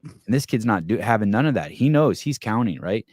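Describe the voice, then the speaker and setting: A man hosting a podcast, telling a long story in a casual, animated way, swearing often and restarting his sentences. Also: lowish voice, brisk, dry recording, studio quality. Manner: animated, profane, rambling with many restarts. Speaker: podcast host.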